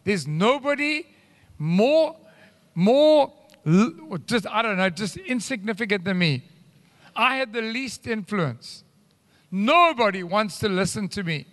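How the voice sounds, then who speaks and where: Animated male preacher. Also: high voice, measured pace. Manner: animated, teaching, addresses the congregation as guys. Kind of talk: sermon. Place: church hall. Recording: live church hall reverb.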